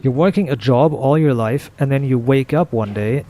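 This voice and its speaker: A gamer with a warm, mid-range voice talks at a moderate pace, with slight background noise behind him. Frustrated and cursing, he repeats himself in a rant that strays from the gameplay.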